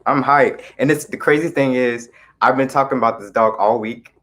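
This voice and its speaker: A young man hosting a casual livestream, greeting viewers by name in a relaxed, laid-back way. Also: mid-range voice, moderate pace. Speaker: livestream host.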